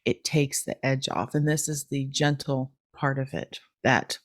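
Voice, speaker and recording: A middle-aged woman hosting a podcast, calmly and gently explaining a technique step by step in casual chat. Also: a bass voice, unhurried, no echo. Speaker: podcast host teaching a technique.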